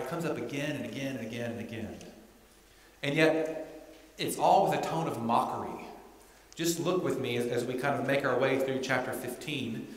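A man preaching a sermon as pastor, in a conversational way that keeps checking in with the congregation. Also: medium pitch. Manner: conversational, often asks "right?". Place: church sanctuary. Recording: echoey church hall.

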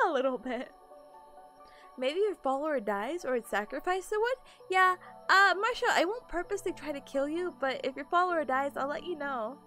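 A woman's voice: high voice, animated, normal speed, bright, forceful tone, soft background music. A sleepy woman streamer chatting casually with her viewers, giggling often and greeting people in chat.

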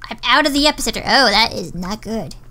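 A woman with a high, bright voice narrates her own game session under her breath. She talks to herself, swears, and sounds exasperated. It comes across like a home gaming recording. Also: expressive, brisk. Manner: self-talking, swearing, exasperated. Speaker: gamer. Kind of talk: gameplay commentary.

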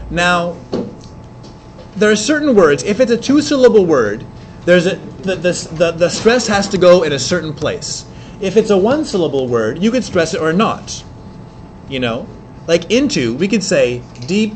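A man teaching an English class, explaining in quick bursts with many fillers and restarts. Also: fairly high pitch, very animated, slight background noise. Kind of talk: classroom lecture.

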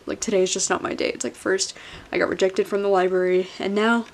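A woman's voice: medium pitch, level tone, moderate pace. A young woman vlogging casually, stressed and upset, filler-heavy and swearing a lot. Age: young adult. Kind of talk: casual vlog talk.

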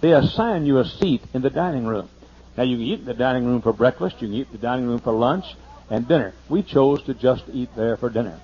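A man pastor telling a humorous, folksy story during a sermon, slowing down to list items one by one. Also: medium pitch. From United States. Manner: folksy and humorous, lists things slowly. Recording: muffled older sermon tape.

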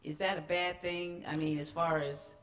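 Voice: mid-range voice, flat delivery, normal speed, fairly bright tone. An audience member asks a question from the floor, hesitating and rephrasing partway through.

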